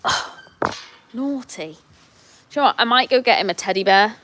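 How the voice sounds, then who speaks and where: A chatty woman farmer talks easily from inside a sheep shed. Her voice sits at an ordinary middle pitch, and she turns to coax her lambs between remarks. It sounds like a relaxed livestream. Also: fairly quick, very noisy. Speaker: farmer vlogger. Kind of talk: casual livestream chat.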